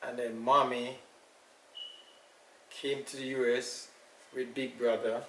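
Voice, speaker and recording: An older man with a Jamaican accent, recalling his family's past in an unhurried, storytelling way during an interview. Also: mid-range voice, flat delivery, sharp tone. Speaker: elder being interviewed. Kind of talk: casual recollection. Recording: echoey room, far from mic, faint noise.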